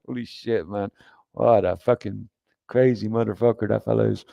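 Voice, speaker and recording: A man's voice: on the low side, fairly even intonation, normal speed, vocal fry, warm tone, no room sound, muffled recording. A man hosting a livestream, talking in a rambling, profane, emphatic way with frequent restarts and reading comments from chat. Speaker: livestream host.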